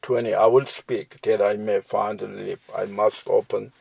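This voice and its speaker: A man's voice: lowish voice, little pitch movement, measured pace, gravelly, a little mellow, husky, rough recording. A man reading Bible verses aloud and explaining them, with frequent restarts and fillers. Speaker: Bible teacher. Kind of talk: slow scripture reading and commentary.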